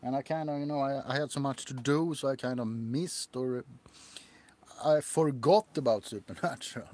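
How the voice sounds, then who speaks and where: A man's voice: mid-range voice, mellow. A man chatting on a livestream about shows and his ASMR characters, rambling and laughing. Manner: rambling, laughing, slow and halting. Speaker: ASMR creator. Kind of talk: casual livestream chat.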